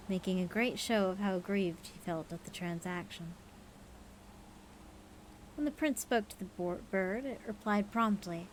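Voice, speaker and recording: A woman streaming, reading folk stories aloud in a relaxed, playful way. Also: medium pitch, slight background noise, poor audio. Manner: casual, playful, tired late in the stream. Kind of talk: storytelling livestream.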